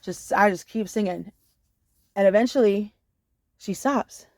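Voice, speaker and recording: Woman, casual storytime, animated and profane, dry close sound. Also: medium pitch, unhurried, no room sound. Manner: profane, animated, full of fillers like "you know". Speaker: storyteller vlogger.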